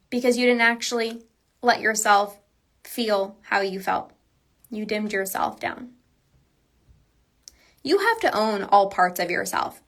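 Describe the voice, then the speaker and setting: Her voice is fairly high and bright as this binge eating coach talks solo on a podcast. The tone is casual, full of "like," but she's earnest and stresses her points with emphasis.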